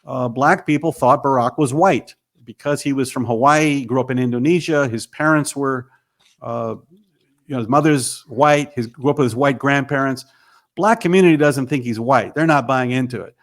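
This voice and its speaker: A man's voice: mid-range voice, normal speed. A man, a filmmaker and author, telling his story emphatically as an interview guest.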